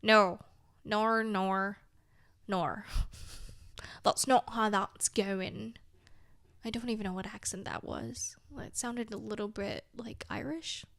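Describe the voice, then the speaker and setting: Here a young woman with a higher voice and vocal fry talks a little slowly in a steady tone, with no echo on the recording. Her confessional vlog chat is rambling and candid, packed with fillers like "like," trailing thoughts and dry jokes at her own expense.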